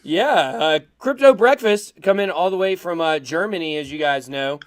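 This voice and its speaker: A man co-hosting a casual podcast, animated and laughing often, stumbling over words as he explains. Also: a little high, moderate pace. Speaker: podcast co-host.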